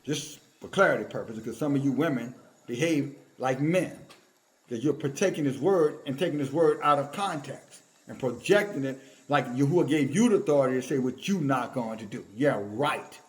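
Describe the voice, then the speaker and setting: A man's voice: medium pitch, animated, a little fast. A man preaching an emphatic, confrontational sermon, scolding his listeners and reading scripture aloud between his rebukes.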